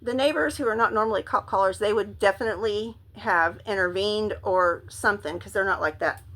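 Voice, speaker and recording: A woman telling a wild personal story in a casual monologue, animated and full of swearing. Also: medium pitch, fairly quick. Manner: animated, profane, acts out quotes loudly.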